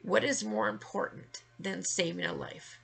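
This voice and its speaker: A woman's voice: mid-range voice, fairly even intonation, unhurried, vocal fry, fairly bright tone, breathy edge. A woman vlogger delivering an emotional, angry rant to the camera, emphatic and full of swearing. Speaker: vlogger sharing her story.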